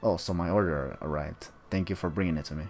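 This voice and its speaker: A man with a low voice reading out a friendly older male professor in a video game, kindly and encouraging. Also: steady tone, fast talker, darkish tone, soft background music.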